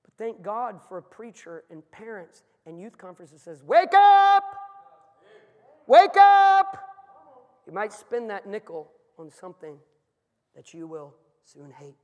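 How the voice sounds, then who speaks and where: A high-pitched man preaches in a large church, and his voice trails off in a long hall reverb. He tells stories, dropping to a hush and then rising to a shout. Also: normal speed, highs cut off. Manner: storytelling, swings from hushed to shouting. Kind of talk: sermon.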